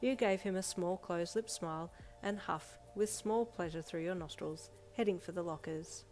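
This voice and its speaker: A woman reading a second-person fanfiction story aloud in a steady storytelling manner. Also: on the low side, moderate pace. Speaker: fanfiction reader. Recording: soft music bed behind voice.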